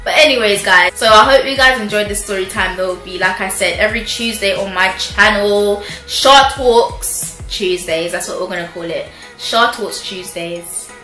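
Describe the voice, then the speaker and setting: A young woman telling a storytime on her vlog, animated and chatty, laughing often as she talks. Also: medium pitch, moderate pace. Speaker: vlogger. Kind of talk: casual storytime chat. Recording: roomy echo with faint music.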